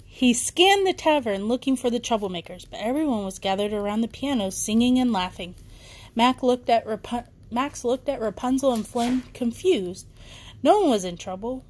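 A woman's voice: fairly high pitch, lively intonation, moderate pace, darkish tone. A woman reading a children's bedtime story aloud, with occasional small slips and restarts.

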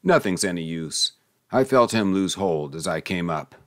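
A man voicing a pompous, self-important husband in an audiobook, loud and raucous. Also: sits low, lively intonation, moderate pace. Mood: gasping agitation. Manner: raucous, haranguing.

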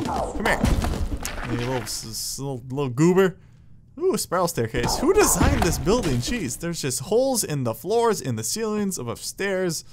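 A man giving excitable, jokey let's play commentary, yelling at enemies as he plays. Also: sits high, background noise. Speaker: gameplay commentator.

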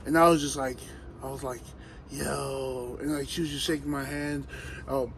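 A man, a professional wrestler, telling stories in casual chat, animated and laughing as he acts out what others said. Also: mid-range voice, normal speed, background noise. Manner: animated, laughing storyteller acting out others' voices. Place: outdoors, hot day.

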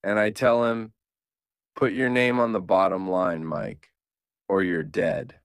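A man's voice: fairly low pitch, takes it slowly, smooth, dry recording. A man voicing a cool, dry, unflappable gangster who has moved into movies. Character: cool confident male gangster turned film producer.

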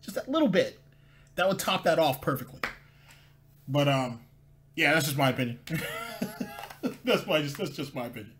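A man's voice: fairly high pitch, animated, brisk, pauses often, fairly bright tone, slight background noise. A man hosting a casual commentary show, reacting sarcastically to clips and often stumbling and repeating words as he talks. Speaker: commentary host.

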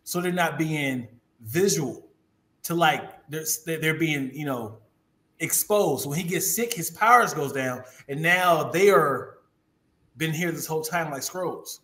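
A man takes part in a casual podcast chat. He talks haltingly, often stopping to search for the right word. His voice sits slightly high. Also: lively intonation, a bit bright. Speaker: podcast guest.

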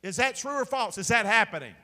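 A male pastor preaches a live sermon in a big church auditorium. His voice sits high and sounds bright and forceful. He is emphatic and keeps calling out to the congregation, and long hall reverb trails his words. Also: lively intonation, fairly quick.

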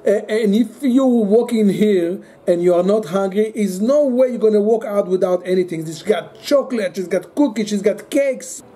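Easygoing Israeli man, mellow voice. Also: sits high, moderate pace, hardly any pauses. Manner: easygoing, repeats himself. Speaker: co-host. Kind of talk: casual food show chat. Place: small bakery.

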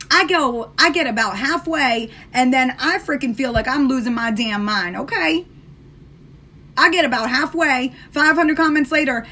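Live-stream host: American woman, sassy and talkative, bright tone. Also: high-pitched, slight background noise. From United States. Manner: chatty, sassy, talks straight to viewers. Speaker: live-stream host doing her makeup. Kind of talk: casual live chat.

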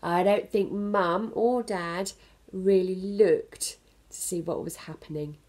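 At a children's centre, a woman with a fairly low voice reads a picture book aloud to young children, pausing to gently explain the story.

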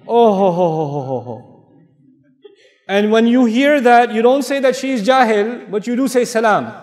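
A man from Pakistan delivers a lively, funny, storytelling sermon. His voice sits fairly high, and he speaks with emphasis. The hall around him is echoey, with a long reverb tail. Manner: animated, humorous, emphatic. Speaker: Islamic lecturer. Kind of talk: storytelling sermon to a mosque audience.

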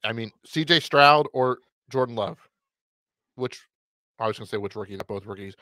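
A man's voice: medium pitch, normal speed, bright, forceful tone, dry recording. Guy cohosting a football podcast, wanders off mid-thought, dry close mic. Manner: rambling, self-correcting, wry. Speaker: podcast co-host. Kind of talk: casual fantasy football chat.

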